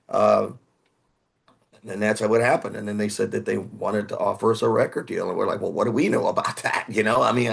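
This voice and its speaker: With a lowish voice and some vocal fry, this Houston, Texas musician rambles through stories as a podcast guest. It's casual interview storytelling, and he sometimes slips into other people's voices.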